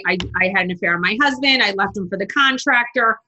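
Female guest, blunt and lively, crisp bright tone, re-enacts conversations. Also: a little high, fairly quick, few pauses, a little hiss or hum. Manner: blunt, animated, acts out quoted dialogue. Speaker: podcast guest. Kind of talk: casual storytelling chat.

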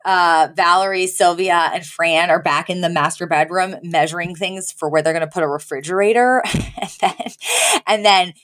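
A woman co-hosting a podcast, recapping a sitcom episode in casual chat and acting out the characters' lines. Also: normal speed. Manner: animated, acts out characters' lines with pitch jumps. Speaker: podcast co-host.

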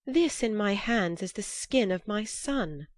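A woman's voice: mid-range voice, animated, a little slow, dry recording, voice pushed up, natural voice. A woman voicing a grasping, cunning old man in a storybook reading, given to shrieking demands.

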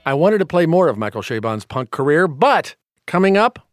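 A man's voice: on the high side, big pitch swings, moderate pace, soft background music. A man hosting a public radio show, delivering polished scripted links and introductions. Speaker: radio host.

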